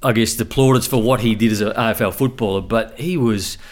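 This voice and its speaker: A man's voice: lowish voice, fairly quick. An Australian former footballer talks with real enthusiasm, recounting games and players. His tone is casual and conversational. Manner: enthusiastic storyteller. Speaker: former footballer, podcast co-host. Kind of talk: casual sports chat.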